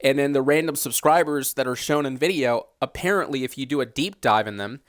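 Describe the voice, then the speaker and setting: A man's voice: mid-range voice, a little fast, no room sound, studio quality. A man hosting a solo commentary podcast, talking casually with fillers and growing indignant, pushing his voice up when frustrated. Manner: indignant, ranting, rising to near-shouts when frustrated; conversational with frequent fillers. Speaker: podcast host.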